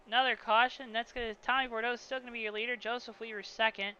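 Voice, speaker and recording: A man calls a simulated stock car race, his bright, forceful voice riding a faint hiss. He keeps up the play-by-play with casual joking asides. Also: extremely high pitch, flat delivery, quick pace, lo-fi sound. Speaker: play-by-play commentator. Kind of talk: sim racing commentary.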